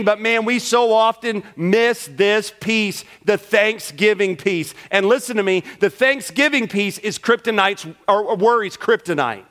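A man's voice: high-pitched, a little slow, few pauses, fairly bright tone. A man pastor preaching a sermon in a church, emphatic and acting out prayers and quoted talk.

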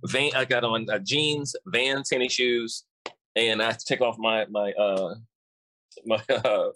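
A man's voice: mid-range voice, steady tone, unhurried, bright, forceful tone, a little hiss or hum. A man who works as a coach, chatting casually and talkatively, often restarting and repeating words. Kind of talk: casual podcast conversation.

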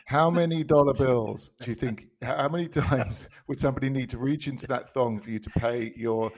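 A man with a London English accent chats on a comedy podcast at an everyday pitch. He tells stories in a dry, joking way, restarting phrases as he goes. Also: a little fast, slight background noise. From England. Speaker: podcast co-host. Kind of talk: casual comedic chat.

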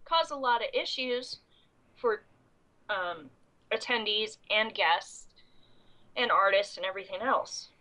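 Young woman, congested, coughing, rambling casual chat, lots of ums, middle pitch. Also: measured pace, long pauses, pushed and bright, slight background noise, poor audio. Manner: rambling with many ums and restarts. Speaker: convention goer recapping the event.

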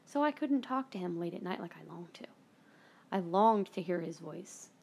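A woman's voice: on the low side, lively intonation, normal speed, gravelly, darkish tone, husky. A woman hosting a podcast, telling a personal story in a casual, emotional way. She sometimes swears, and at tender moments she drops into a whisper, close to tears. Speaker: podcast host.

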